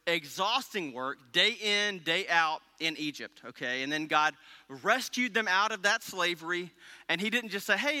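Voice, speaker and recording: Guy preaching casual, kinda high voice, lots of okay? asides, big echoey church. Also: sharp tone. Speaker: pastor. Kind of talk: conversational sermon. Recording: long reverb of a large hall.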